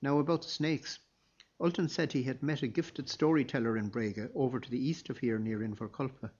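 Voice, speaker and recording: Brief: a man doing a wry old storytelling abbot, husky, slightly muffled. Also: medium pitch, fairly quick, a little mellow, close to an everyday voice. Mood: musing. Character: calm, thoughtful old male abbot telling tales.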